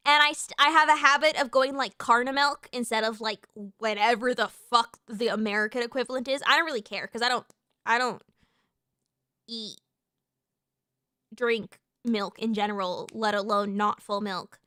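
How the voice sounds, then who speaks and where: Woman streamer, high and bright, rambling casual chat, dry close mic. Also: moderate pace, smooth, no room sound. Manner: rambling and animated, with restarts and casual swearing.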